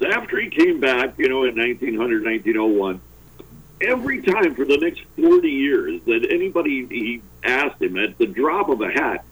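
A man's voice: mid-range voice, a bit bright, slightly rough, dull audio. A man telling a long rambling story as a radio guest, self-deprecating and full of fillers. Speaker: guest, former comedy performer.

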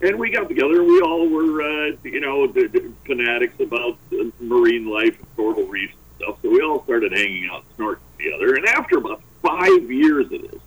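A man's voice: medium pitch, sing-song, a little fast, few pauses, husky, lo-fi sound. A man telling a long rambling story as a radio guest, self-deprecating and full of fillers. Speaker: guest, former comedy performer.

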